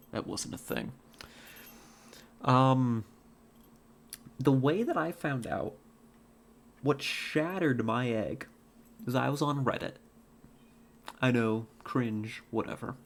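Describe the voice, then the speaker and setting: Playing a hunting game, a woman with a very deep voice talks casually to her stream chat. Her talk wanders, full of filler words and false starts.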